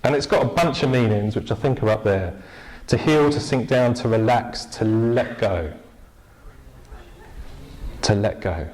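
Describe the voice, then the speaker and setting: A man's voice: mid-range voice, animated, moderate pace, a little mellow, low-quality recording. A man preaching an informal, jokey church sermon, chatting with the congregation and asking them questions.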